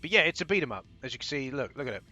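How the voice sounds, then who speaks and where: A man's voice: medium pitch, sing-song, rapid-fire, bright, forceful tone, no echo. A young man hosting his own gaming channel, chatting casually over a first playthrough, rambling and trailing off as he plays. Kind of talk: casual game commentary.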